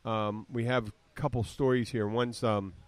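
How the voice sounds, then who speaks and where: A man's voice: medium pitch, little pitch movement, moderate pace, no echo. A man in his fifties hosting a podcast in casual chat, rambling with restarts and fillers. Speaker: podcast host.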